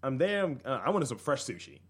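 Man from Maryland, podcast co-host, lively pitch that swings up and down, swearing a lot, whispered asides. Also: brisk, husky. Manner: profane, animated storytelling with whispered asides. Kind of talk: casual chat.

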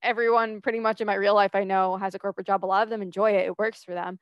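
A woman's voice: medium pitch, little pitch movement, racing, smooth, no room sound, muffled recording. A young woman hosting a solo podcast, talking casually and acting out her own past reactions. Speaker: podcast host and coach.

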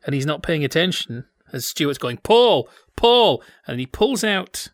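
Giggly bright-voiced man. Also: fairly high pitch, lively intonation, moderate pace, no echo, clean studio sound. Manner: jokey, laughs often, playful tangents. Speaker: podcast co-host. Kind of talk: casual chat.

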